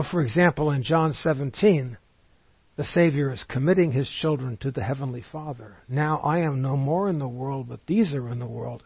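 A man giving an expository Bible teaching in a measured, explanatory way, reading scripture aloud as he goes. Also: medium pitch, slightly rough, no echo, highs cut off.

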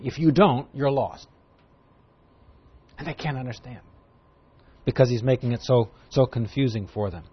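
A man's voice: medium pitch, normal speed, pauses often, slightly rough. Emphatic man teaching scripture, lo-fi. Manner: lively, emphatic, reads scripture aloud. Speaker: Bible teacher. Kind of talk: expository Bible teaching. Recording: dull lo-fi recording.

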